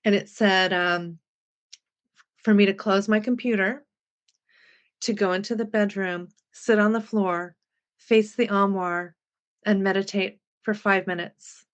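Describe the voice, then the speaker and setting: Woman, 60s, podcast guest; lively storyteller, middle-pitched, plays out the dialogue. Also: measured pace, long pauses, clear, resonant tone. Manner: animated storyteller who acts out remembered dialogue. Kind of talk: personal storytelling in an interview.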